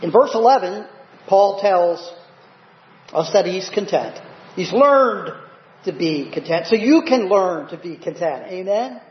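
A man's voice: high voice, animated, a little slow. A male pastor preaching a sermon, often asking the congregation "Amen?". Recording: roomy, dull church recording.

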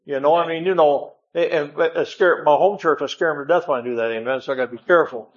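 Folksy preacher, man, slightly high voice, emphatic, dull church tape. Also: fast. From northern United States. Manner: folksy, emphatic, repeats "amen" often. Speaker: guest preacher. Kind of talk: sermon.

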